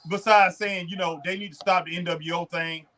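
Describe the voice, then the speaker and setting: Middle-aged male co-host, high pitch, animated drawling chat. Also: moderate pace. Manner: animated, drawling, mimics wrestlers in asides. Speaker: wrestling show co-host. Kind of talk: casual chat.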